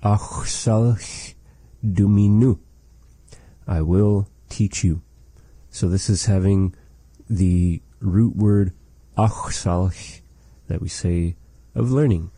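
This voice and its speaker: Male language teacher and host, very dark mellow tone, slow and patient delivery, dry close sound. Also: deep voice, steady tone, breathy edge, no echo. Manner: patient, repeats phrases slowly. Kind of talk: slow, careful language lesson.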